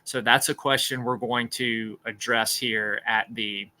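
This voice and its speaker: A man leads an informal Bible study, talking it through in an earnest, explanatory way as he works out his points. His voice is bright and forceful, and its pitch sits in the ordinary middle range for a man. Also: steady tone, unhurried. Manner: earnest and explanatory, thinking aloud. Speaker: podcast host teaching scripture.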